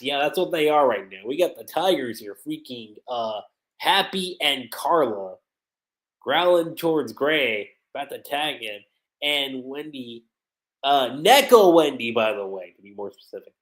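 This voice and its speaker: Excitable man reviewing an anime. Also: on the high side. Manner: excitable, acts out the lines. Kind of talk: casual livestream commentary.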